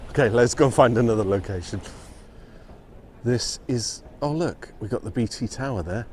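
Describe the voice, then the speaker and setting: A man's voice: mid-range voice, lively intonation, normal speed, a little mellow, slight background noise. A man narrating a casual walking vlog outdoors on city streets. He talks in a chatty way and chuckles often. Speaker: vlogger touring film locations.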